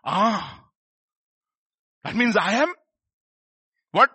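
A man's voice: high-pitched, animated, takes it slowly, long pauses, bright, forceful tone, breathy edge, dry recording. A man preaching a sermon, emphatic and firing rhetorical questions at the congregation.

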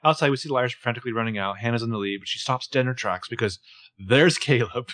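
A man's voice: mid-range voice, quick pace, a bit bright. A man co-hosting a casual recap podcast, narrating scenes with wry, joking asides. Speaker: podcast co-host recapping a TV episode. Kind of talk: casual chat.

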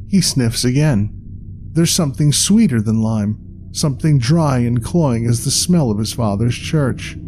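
A man narrating a dark tale in a measured, dramatic scripted reading. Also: medium pitch, animated, faint music behind.

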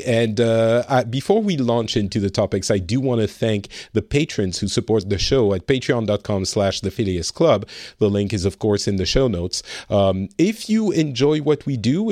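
A man hosting a podcast in casual chat, upbeat and quick to laugh. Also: fairly low pitch, a little mellow, dry recording, clean studio sound. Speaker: podcast host.

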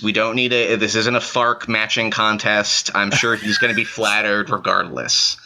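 A man's voice: on the low side, lively intonation, a little slow, bright, forceful tone. A man guesting on a podcast, chatting casually and joking around playfully. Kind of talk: casual chat.

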